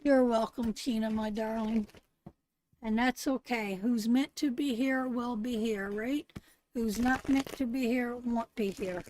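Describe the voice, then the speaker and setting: Slow-talking woman reading tarot live. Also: fairly high pitch, steady tone, a little mellow, slight background noise, poor audio. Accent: Canadian. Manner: affectionate, calls viewers darling and sweetheart; emphatic, repeats phrases. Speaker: tarot reader.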